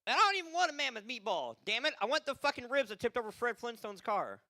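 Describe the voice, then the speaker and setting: An exhausted male open mic comic hurries through a rambling set full of profanity, laughing at his own jokes. His voice is high, sing-song and gravelly yet bright and sharp, swinging widely at a quick pace, and the audio is dry and close with no room sound.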